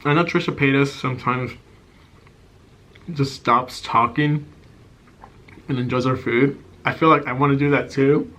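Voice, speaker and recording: A man's voice: mid-range voice, steady tone, unhurried, pauses often, fairly bright tone. A man chatting casually while eating in his apartment, candid and loose, trailing off between bites. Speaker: ASMR and vlog creator. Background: faint outside noise of passing cars.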